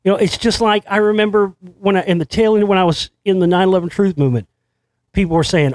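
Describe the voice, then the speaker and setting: A man hosting his own show, delivering a rambling, excitable monologue full of restarts and swearing. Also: high voice, fast talker, no room sound. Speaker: show host. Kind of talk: conspiracy commentary monologue.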